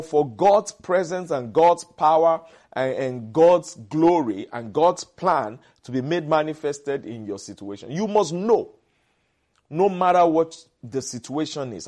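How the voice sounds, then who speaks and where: A man's voice: a little high, a little mellow. A man preaching a sermon as pastor, emphatic and repetitive, calling on the congregation to repeat after him. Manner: emphatic, repeats phrases for the congregation, calls for responses.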